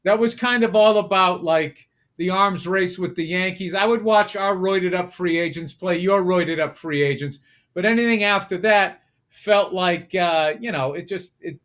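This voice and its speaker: A man's voice: high-pitched, moderate pace, fairly bright tone. A man co-hosting a podcast, teasing his friend with profane, needling banter. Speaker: podcast co-host. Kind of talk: casual comedic chat.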